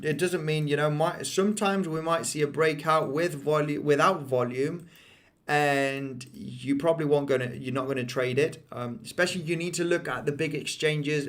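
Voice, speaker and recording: Hype-talking man. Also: fairly high pitch. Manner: fast, restarting, hype-driven talk with viewer asides. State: out of breath. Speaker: crypto trading livestream host. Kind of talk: live chart analysis with chat.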